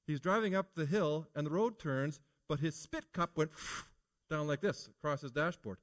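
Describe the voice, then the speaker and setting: A middle-aged man preaching a sermon in a relaxed, conversational way, telling stories and asking rhetorical questions. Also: on the high side, moderate pace.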